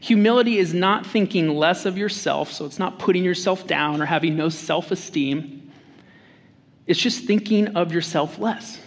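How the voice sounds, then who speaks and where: A man with a high voice preaches a sermon in a casual, joking way and acts out the lines he quotes. His words ring out with a long reverb, as in a large hall. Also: normal speed. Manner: conversational and humorous, acts out quotes. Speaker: pastor.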